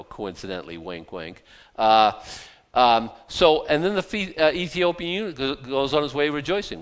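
At medium pitch, a male preacher teaches the Bible informally. Lively and humorous, he peppers his message with rhetorical questions and dry asides.

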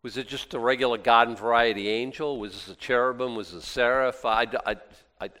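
A man preaching a sermon, reading scripture aloud and breaking into lively, sarcastic asides. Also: mid-range voice, brisk. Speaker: pastor. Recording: long hall reverb.

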